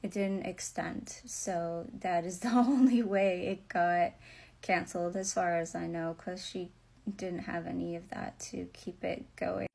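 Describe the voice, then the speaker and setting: A young woman telling a personal story, halting, with many fillers and nervous little laughs, close to tears as she speaks. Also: fairly low pitch, fairly even intonation, creaky, darkish tone. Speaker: vlogger.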